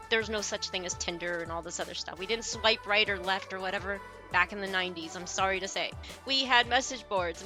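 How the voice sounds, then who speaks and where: A woman's voice: a little high, bright, forceful tone. A woman in her forties streaming, rambling in earnest casual chat, and sounding younger than her age. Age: 40s.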